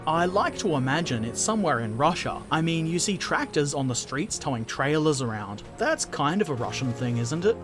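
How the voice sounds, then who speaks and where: A man's voice: a little high, very animated, normal speed, hardly any pauses, music in the background. A man hosting a gaming channel, casually answering viewer comments with jokes and silly put-on voices.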